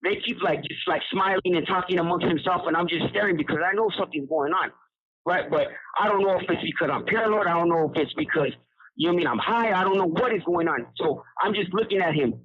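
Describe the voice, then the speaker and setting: Husky high-voiced man on a phone line. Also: fast talker. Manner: street slang, rambling with restarts. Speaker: incarcerated storyteller. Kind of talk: casual storytelling over a phone call. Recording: tinny prison phone line.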